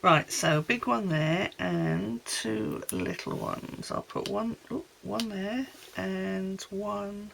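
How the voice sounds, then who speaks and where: A woman's voice: mid-range voice, slow, vocal fry, hardly any pauses, fairly bright tone, slight background noise, poor audio. A woman from Wales chatting homely and rambling as she makes cards at her desk. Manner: chatty, homely, rambling asides while working. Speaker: card-making crafter. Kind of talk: casual crafting tutorial chat.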